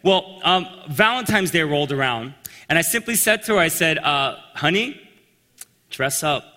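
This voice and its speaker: A man telling a personal story in a sermon, animated and acting out the voices of the people in it. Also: a little high, moderate pace. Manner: animated storyteller, acts out quotes. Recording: long reverb in a large hall.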